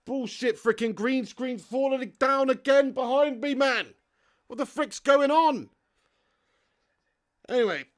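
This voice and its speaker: A man hosting a live football watch-along, reading viewer chat aloud, swearing freely and bursting into shouts at big moments. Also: extremely high pitch, takes it slowly, long pauses. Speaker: fan channel host. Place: home setup in front of a green screen.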